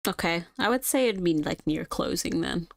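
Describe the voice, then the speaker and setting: A woman's voice: on the low side, animated, moderate pace, no echo. A woman chatting and narrating scenes in a casual improv roleplay, talking with many filler words.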